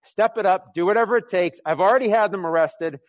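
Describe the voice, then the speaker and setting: A man's voice: a little fast, no room sound, close to an everyday voice. A man playing an angry, frightened ruler who feels threatened, pressing harshly and urgently. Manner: high-pitched, urgent and harsh. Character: angry scared male temple ruler, threatened.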